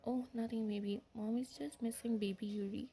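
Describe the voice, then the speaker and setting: A doting young mother speaks to her small child in a soothing, mellow voice, read by a woman. She scolds lightly but stays tender. It is a storybook reading. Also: fairly high pitch, steady tone, fairly quick, a little hiss or hum, lightly acted.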